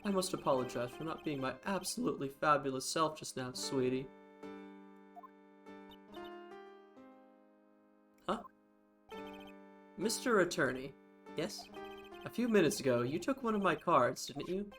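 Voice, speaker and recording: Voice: medium pitch, expressive, normal speed, over music, close to an everyday voice. A player voicing a vain, flamboyant male stage magician while reading game dialogue aloud, with a grandiose, preening delivery. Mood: smug.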